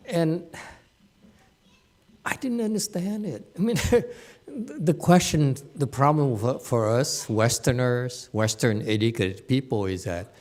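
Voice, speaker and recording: A man teaching meditation students in an informal Dharma lecture. He takes his time, speaking slowly with a mid-range voice, and keeps it chatty with frequent laughter and repeated words. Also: medium pitch, lively intonation, darkish tone. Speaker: Buddhist teacher giving a Dharma talk. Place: meditation hall.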